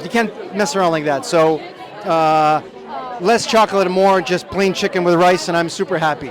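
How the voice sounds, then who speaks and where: A film director chatting in a press interview outdoors at a premiere, telling self-deprecating stories from the set. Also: male voice, high-pitched. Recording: crowd noise behind. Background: crowd chatter.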